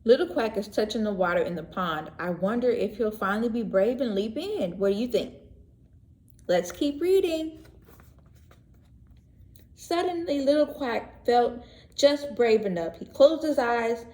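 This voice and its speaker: A woman teacher reading a picture book aloud to young children, gentle and expressive, pausing to ask questions and explain words. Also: fairly high pitch. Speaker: pre-K teacher. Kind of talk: read-aloud story lesson for young children. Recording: echoey room.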